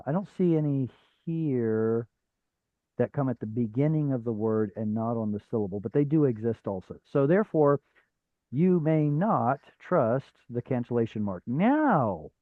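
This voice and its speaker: A man's voice: mid-range voice, lively intonation, measured pace, dry recording, narrow, tinny audio. A man teaching a Hebrew reading class over a video call, patient and step by step, with frequent fillers. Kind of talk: live online class teaching.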